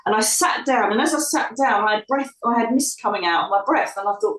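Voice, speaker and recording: A middle-aged woman from the UK, a psychic medium telling her life story in an interview, lively and acting out the voices of others. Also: a little high, fast, hardly any pauses. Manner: animated storyteller, acts out quoted voices. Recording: echoey room, distant from mic.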